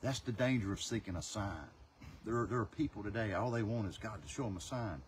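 A man from North Carolina, preaching a passionate sermon as an evangelist. His delivery swings between loud, urgent stretches and hushed ones. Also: fairly low pitch, fairly quick, a little hiss or hum. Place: outdoors.

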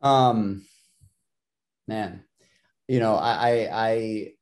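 A man hosting a podcast interview, speaking in a halting way with many stammered restarts as he forms his questions. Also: lowish voice. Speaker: podcast host. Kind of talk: casual interview.

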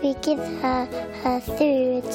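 Slow gentle children's narrator, woman. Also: high-pitched, little pitch movement, over music.

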